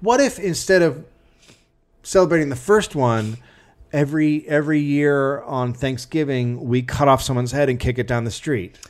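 A man co-hosting a comedy podcast, telling a dark history story in a sardonic, profane way. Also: medium pitch, moderate pace.

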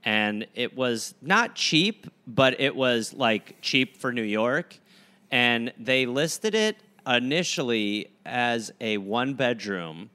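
Bright-voiced joking man. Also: medium pitch, lively intonation, slow pace, smooth. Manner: rambling anecdotes, wisecracks, acts out his own quotes. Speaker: podcast co-host. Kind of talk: casual comedic chat.

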